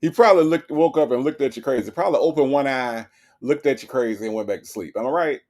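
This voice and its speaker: A man's voice: mid-range voice, quick pace, darkish tone. A man hosting a live stream, giving emphatic commentary and answering his chat, checking in with "right?" again and again. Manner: emphatic, keeps asking "right?".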